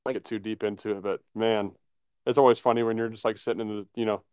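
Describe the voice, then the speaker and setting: A young man co-hosting a podcast, chatting in a relaxed way and chiming in with short reactions. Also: lowish voice, fast, clear, resonant tone, no room sound. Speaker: podcast co-host. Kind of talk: casual chat.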